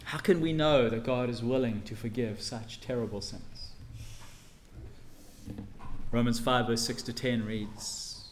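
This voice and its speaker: A man preaching a sermon and reading scripture, earnest, swelling loud on key phrases and dropping soft for emphasis. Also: medium pitch, fairly even intonation, unhurried, long pauses, slight background noise.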